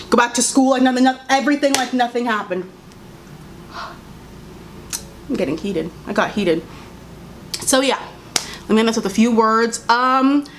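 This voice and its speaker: A woman's voice: medium pitch, a little hiss or hum. A young adult woman vlogging, speaking heatedly and emphatically, repeating her points and mimicking others mockingly. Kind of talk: impassioned commentary to camera.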